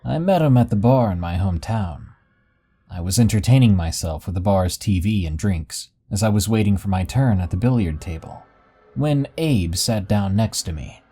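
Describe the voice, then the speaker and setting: Male horror storyteller, dark mellow tone, steady dramatic delivery. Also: lowish voice, moderate pace, slightly rough. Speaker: narrator. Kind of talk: scripted horror story narration.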